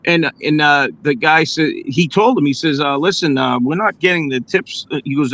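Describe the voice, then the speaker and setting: A man's voice: a little high, normal speed, hardly any pauses, fairly bright tone, highs cut off. A man co-hosting a casual talk show, arguing earnestly with everyday examples. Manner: earnest, argues with hypothetical examples and acted quotes. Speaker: podcast co-host. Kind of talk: casual chat.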